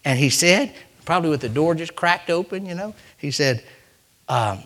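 Lively, bright-voiced preacher man. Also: on the high side, normal speed. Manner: swings from loud preaching to hushed near-whispers, reads scripture in King James English. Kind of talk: sermon.

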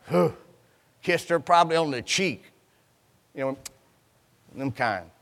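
High, animated preacher in a reverberant church. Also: male voice, slow pace, vocal fry, long pauses. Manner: dramatic storytelling, acting out voices, call and response. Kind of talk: sermon.

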